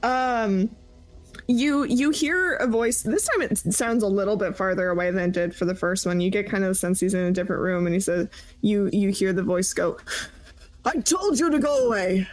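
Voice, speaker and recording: A woman running a tabletop game as game master, narrating in a relaxed, hesitant way with many fillers. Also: medium pitch, brisk, no room sound, rough recording.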